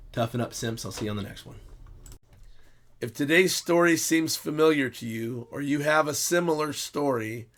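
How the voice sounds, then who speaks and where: A middle-aged man giving blunt relationship advice as the host of his own videos, speaking straight to the listener and moving from loud outbursts to quiet resignation. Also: mid-range voice. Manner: lecturing, direct address to the listener; swings between shouting reenactments and quiet resignation. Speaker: self-help video host.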